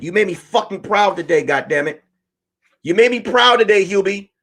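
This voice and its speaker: A man's voice: high-pitched, animated, moderate pace, a bit bright, slight background noise. A man voicing a bossy, doting wife who scolds and urges her husband on, cursing and repeating his pet name.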